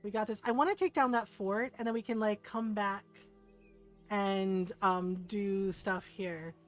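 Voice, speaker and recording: A woman's voice: mid-range voice, fairly even intonation, measured pace, faint music behind. A woman in her forties streaming a game, telling a personal story in a candid, casual way, swearing freely and laughing often. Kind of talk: casual storytelling while gaming.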